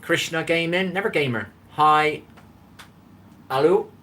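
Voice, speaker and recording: A man's voice: a little high, takes it slowly, sharp tone. Chatty Bristol man live-streaming from his kitchen. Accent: Bristol English. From England. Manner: chatty, greets viewers by name, reads out chat. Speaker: live-stream cooking host. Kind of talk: casual live-stream chat with viewers. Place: home kitchen.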